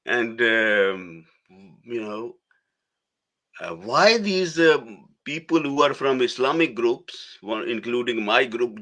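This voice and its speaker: A middle-aged man, a guest telling a personal story in a halting way, restarting phrases. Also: medium pitch. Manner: halting, restarts phrases, soft laughs between words.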